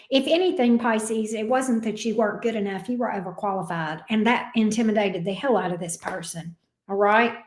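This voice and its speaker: A woman's voice: medium pitch, roomy sound. A woman giving a casual tarot reading, talking bluntly, swearing freely and getting worked up. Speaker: tarot reader.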